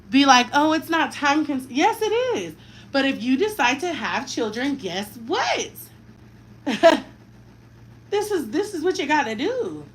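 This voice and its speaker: A woman in her thirties with a fairly high voice chats casually while she styles hair. She talks frankly in slang and drifts into lively tangents. A faint noise sits under her voice. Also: poor audio. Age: 30s. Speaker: mother doing her daughter's hair on camera.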